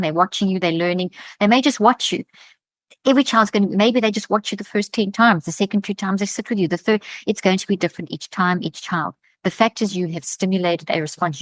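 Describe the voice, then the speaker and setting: Woman guest expert, explains methods with animated play-acting, mid pitch, dry close sound. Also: dry recording. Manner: animated, acts out parent's words.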